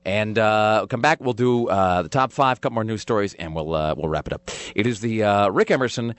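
A man's voice: fairly low pitch, brisk, dry recording. A man hosting a radio talk show in casual, rambling banter, full of fillers and self-mocking jokes.

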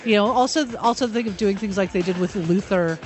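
A woman co-hosting a radio talk show, telling stories casually and chatting with lively asides. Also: medium pitch, fairly quick, faint music behind. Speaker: radio co-host.

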